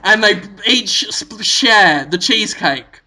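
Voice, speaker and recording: Man, podcast host, high bright voice, gravelly fry, rambling comic storytelling, giggly. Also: expressive, takes it slowly. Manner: rambling, giggling, absurd and gross tangents. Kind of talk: improvised comedic storytelling.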